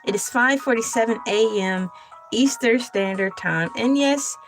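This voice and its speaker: A woman's voice: fairly high pitch, unhurried, faint music behind. A young adult woman hosting a casual livestream, chatty and laughing often as she talks to her chat. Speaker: livestream host.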